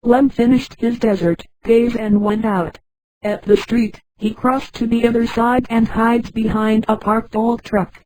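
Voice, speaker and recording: A woman narrating a science fiction story in a flat synthetic reading that speaks punctuation names aloud. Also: on the high side, unhurried, rough recording. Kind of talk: scripted narration.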